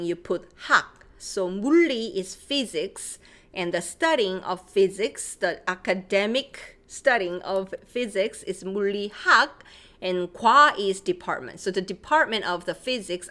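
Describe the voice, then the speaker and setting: A woman's voice: mid-range voice, a bit bright. A woman from Korea with a Korean accent, teaching a live-streamed language lesson, reading out viewers' questions and explaining in English with Korean examples.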